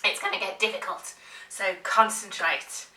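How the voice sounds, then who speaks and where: Playful drama teacher coaxing a child. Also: female voice, mid-range voice, fairly even intonation, normal speed, bright, forceful tone, distant mic. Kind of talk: children's drama warm-up lesson. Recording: roomy, from off the mic.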